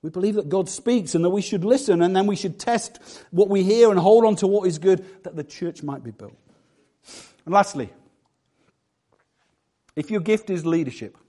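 Man, middle-aged, pastor, sermon, high-pitched, conversational, self-deprecating. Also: normal speed, pauses often, mellow.

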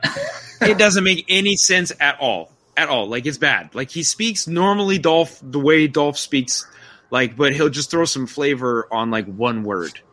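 A man with a bright, forceful voice talks through a film review. He sounds animated and incredulous, trips over restarts, and circles back to the same complaint. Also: on the high side, measured pace. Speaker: podcast co-host. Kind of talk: casual film review chat.

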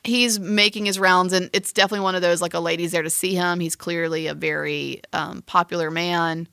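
A woman's voice: on the low side, steady tone, a little fast, vocal fry, pushed and bright, smooth, no echo, studio quality. A woman co-hosting a podcast, chatty and teasing, rambling through a film plot with restarts. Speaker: podcast co-host describing a film. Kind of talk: casual chat.

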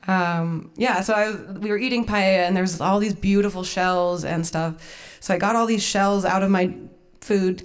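Twenties woman, storytelling-night host, loose and self-deprecating, quick to laugh. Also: mid-range voice. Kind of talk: live personal storytelling.

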